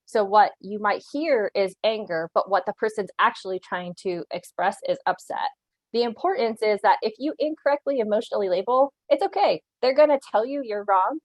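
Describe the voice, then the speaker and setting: A woman's voice: mid-range voice, fairly quick, a little mellow, dry recording, low-quality recording. A woman presents a training session over a video call, speaking in a mid-range voice with an earnest, instructive manner. Her voice sounds dry and close, with no room around it. She checks in with her listeners often and laughs lightly now and then. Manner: earnest and instructive, with occasional laughs and frequent "right?" check-ins. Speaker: animal control officer giving a training.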